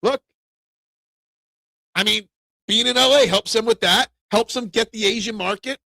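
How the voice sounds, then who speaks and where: A man hosting a casual sports talk show, opinionated and animated, raising his voice when he rants. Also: sits high, normal speed, creaky, no room sound. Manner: opinionated, animated, gets loud when ranting.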